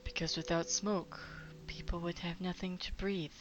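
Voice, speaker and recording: A woman's voice: lowish voice, flat delivery, lightly acted. A woman doing a hesitant, fussy mine clerk. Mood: explaining. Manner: hesitant, halting and polite. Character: nervous fussy clerk of the mines. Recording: dull lo-fi with faint noise.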